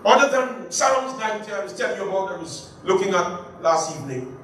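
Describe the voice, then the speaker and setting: Very high-voiced preacher in an echoey church. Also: male voice, fairly quick. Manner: lively, jokes, asks the congregation to finish his phrases. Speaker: pastor leading Bible study. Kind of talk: Bible study sermon. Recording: echoey church room, far from mic, faint hiss.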